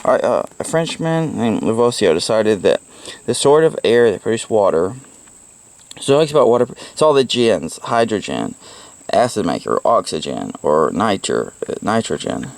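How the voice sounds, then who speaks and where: A man's voice: fairly low pitch, sing-song, normal speed, gravelly. A man giving a casual, rambling book report at home, swearing freely and laughing at his own jokes. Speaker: book reviewer. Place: at home, with pets around.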